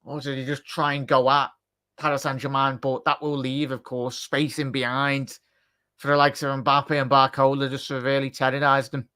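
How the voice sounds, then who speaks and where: A man giving live match commentary on a fan watchalong, chatty and joking, shouting at the big chances. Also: medium pitch, level tone, normal speed, smooth. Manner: chatty, jokey asides.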